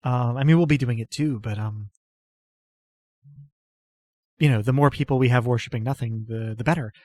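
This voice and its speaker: A man voicing a timid, polite young noblewoman who hesitates with soft ums. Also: mid-range voice, normal speed, dry recording, studio quality, natural voice. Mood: nervous, polite.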